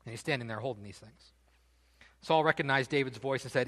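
A man preaching a sermon, telling the story in an animated, casual way with joking asides. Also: medium pitch, a little fast, in a large hall. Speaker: pastor.

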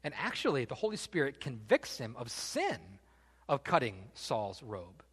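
Animated preacher in a reverberant hall. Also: male voice, mid-range voice, measured pace, husky. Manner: animated storytelling with casual asides. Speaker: pastor. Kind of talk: sermon.

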